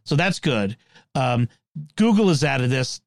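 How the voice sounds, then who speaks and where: A man's voice: mid-range voice, unhurried, gravelly, no room sound, clean studio sound. A man hosting a casual podcast panel, reading headlines and joking with a laugh in his voice. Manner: animated, laughs often, reads out headlines. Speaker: podcast host.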